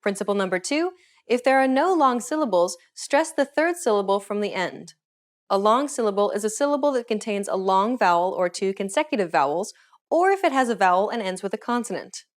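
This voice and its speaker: A woman's voice: medium pitch, animated. Woman narrating a pronunciation lesson. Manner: clear, explanatory, measured. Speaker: pronunciation teacher. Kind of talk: scripted instructional narration.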